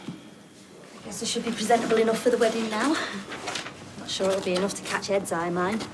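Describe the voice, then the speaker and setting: A woman's voice: mid-range voice, fairly even intonation, a little fast, close to an everyday voice. An actress, playing a chatty, grateful woman who teases and laughs easily. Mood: friendly. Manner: warm, teasing, laughing often. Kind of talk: TV soap acting. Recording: noisy background.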